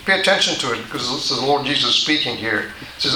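Bright-voiced man preaching in an echoey hall. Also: mid-range voice, expressive, moderate pace, pauses often, a little hiss or hum. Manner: patient, repetitive teaching with frequent restarts. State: dry mouth. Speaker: pastor. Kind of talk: sermon.

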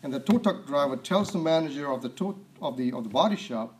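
A man preaching a sermon, reading scripture aloud, asking rhetorical questions and often clearing his throat. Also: fairly high pitch, lively intonation, quick pace, darkish tone.

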